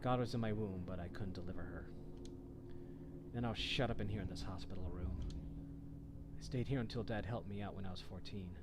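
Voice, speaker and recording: A man reading aloud the lines of a haunted, weary teenage girl in a low, subdued voice over a noisy home recording. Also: fairly quick, long pauses, close to an everyday voice. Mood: grim. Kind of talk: reading game dialogue aloud.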